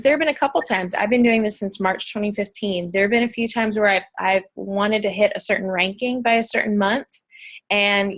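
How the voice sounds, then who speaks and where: A woman from Pennsylvania hosting a casual goal-setting video call, bubbly and chatty with many fillers. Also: mid-range voice.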